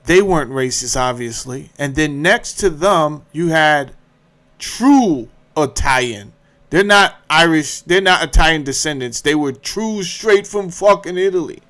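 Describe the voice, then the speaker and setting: A man hosts a podcast and tells a funny story in plenty of profanity. He acts out what people said to him. His pitch sits a little high and swings widely. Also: measured pace. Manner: profane, animated, acts out quotes. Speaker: podcast host. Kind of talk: comedic storytelling.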